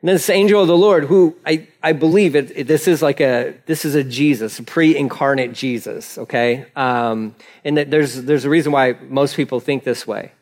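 A male pastor giving an animated, conversational sermon with frequent laughter. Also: medium pitch, normal speed, few pauses. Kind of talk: casual sermon.

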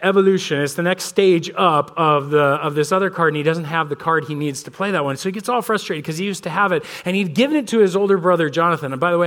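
A pastor in his thirties giving a sermon in a church, telling stories about his kids in a loose, conversational way. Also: fairly high pitch. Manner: conversational storytelling, animated voices for his kids. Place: church sanctuary.

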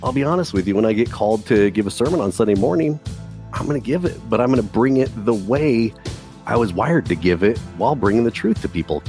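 A man's voice: fairly low pitch, fast talker, faint music behind. A man telling his life story in a casual, earnest way, often calling his listener "dude.". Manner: earnest, animated, says "dude" a lot. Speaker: guest telling his testimony.

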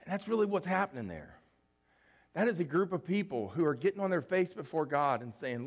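A man's voice: a little high, very animated, a little fast. A male pastor preaching a sermon with an earnest, emotional, pleading delivery.

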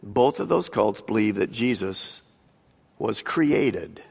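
A man's voice: fairly low pitch, lively intonation, takes it slowly, creaky, a little mellow, slightly rough. A man preaching a sermon as pastor, with emphatic delivery that swells and drops. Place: large church hall. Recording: long hall reverb.

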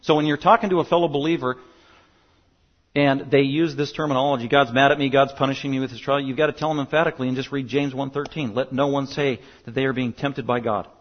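A man preaching a sermon as pastor, emphatic and building to loud bursts on his main points. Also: medium pitch, steady tone, fast. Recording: dull lo-fi sound.

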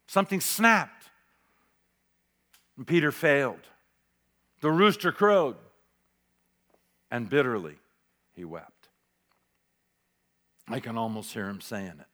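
A man preaching a sermon as pastor, dramatic, swinging between loud declarations and near-whispered asides. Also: mid-range voice, big pitch swings, a little slow, long pauses. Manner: dramatic, varies loudness, drops to near whisper for emphasis.

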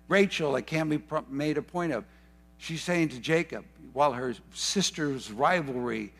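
A man preaching a sermon, fervent and repeating key phrases for emphasis, with rambling asides and self-corrections. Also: fairly high pitch. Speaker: pastor.

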